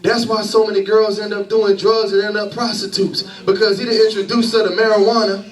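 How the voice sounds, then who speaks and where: High-voiced preacher in an echoey hall. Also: male voice, flat delivery, fairly quick, distant mic. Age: 30s. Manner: conversational preaching with laughter and call-and-response. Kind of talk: sermon.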